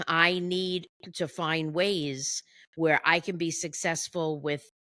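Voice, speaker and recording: Slow, halting woman coach on a podcast. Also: sits low, flat delivery, bright, forceful tone. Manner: slow, halting, with many pauses and fillers. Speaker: executive behavior coach, guest. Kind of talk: podcast interview, explaining her coaching.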